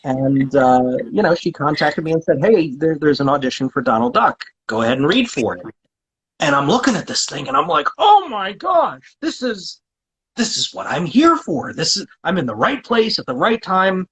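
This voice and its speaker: A man's voice: on the high side, very animated, moderate pace, a bit bright, slightly rough, poor audio. A man being interviewed as a guest voice actor, chatting casually and talkatively, often restarting his sentences with fillers.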